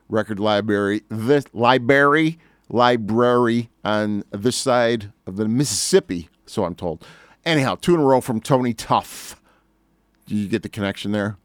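A man's voice: on the low side, clear, resonant tone, no room sound. A man in his sixties, a radio DJ chatting in a rambling, easygoing way between songs, speaking into a close studio mic. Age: 60s. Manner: rambling, chatty, lively asides. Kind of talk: casual radio chat. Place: radio station record library.

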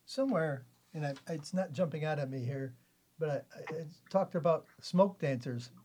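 A man's voice: fairly high pitch, animated, normal speed, a little mellow, slight background noise. A man hosting a casual radio interview, chatty and jokey with folksy sign-offs. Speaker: radio host.

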